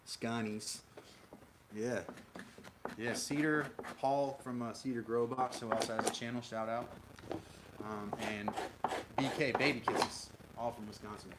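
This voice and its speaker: A man's voice: mid-range voice, steady tone, measured pace, pauses often. A man from Minnesota hosting a casual livestream, chatting with viewers and answering their comments aloud in a rambling way, with many fillers and restarts. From Minnesota, USA. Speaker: livestream host. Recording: loud background noise with clicks.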